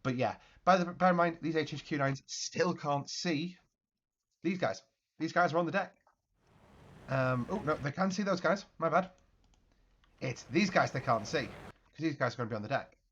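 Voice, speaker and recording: A man hosting his channel, giving chatty, excitable gameplay commentary with mouth-made explosion noises. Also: a little high, moderate pace, pauses often, dull audio, slight background noise. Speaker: video game channel host.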